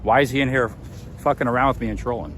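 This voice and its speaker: A man's voice: mid-range voice, fast, fairly bright tone, a little hiss or hum. Agitated man stammering in his defense. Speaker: livestreamer. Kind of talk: live walk-and-talk stream. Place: outdoors on city streets.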